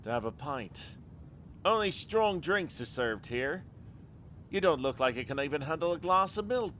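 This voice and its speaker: A man's voice: a little high, expressive, normal speed, a bit bright, slight background noise, pitched above the performer's own voice. A man voicing a suspicious, bullying tavern doorman in a put-on working-class London accent, blunt and menacing.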